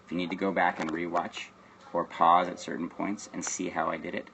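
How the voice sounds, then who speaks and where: Very low-voiced man teaching grammar. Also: flat delivery, a little fast, creaky, a bit bright, a little hiss or hum. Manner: explains step by step, often checks with "okay?" and "right?". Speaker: Spanish teacher. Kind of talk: recorded grammar lesson. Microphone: webcam or phone recording.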